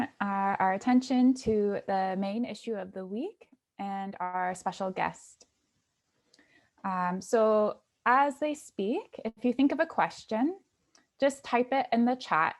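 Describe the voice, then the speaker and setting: Woman hosting an online session. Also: mid-range voice. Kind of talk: hosting a live online event.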